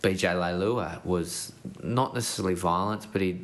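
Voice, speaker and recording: A man's voice: sits low, moderate pace, a little hiss or hum. A man, co-hosting a casual sports chat podcast, thoughtful and a little hesitant. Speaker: podcast co-host.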